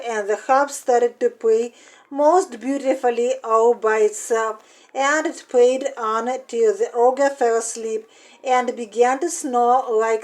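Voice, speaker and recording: A woman reads a fairy tale aloud at a slow, deliberate pace, leaning into its repeated phrases. Her voice sits a little high. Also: darkish tone, poor audio. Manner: slow, deliberate reading with repetition. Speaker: storyteller.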